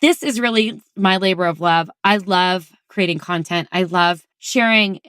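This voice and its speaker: A woman's voice: on the low side, a little slow, a bit bright, clear, resonant tone, no echo, studio quality. A woman hosting her own podcast, talking casually and effusively to her listeners and laughing now and then. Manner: bubbly and effusive, laughing often. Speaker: podcast host. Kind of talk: casual solo podcast talk.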